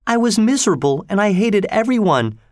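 A man's voice: a little high, very animated, normal speed, dry recording, voice pushed up. A man voicing a spirited, sweet-natured young woman in an audiobook reading. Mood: earnest.

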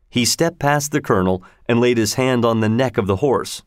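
A man's voice: mid-range voice, brisk, hardly any pauses, dry recording, clean studio sound. Man narrating a storybook. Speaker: audiobook narrator.

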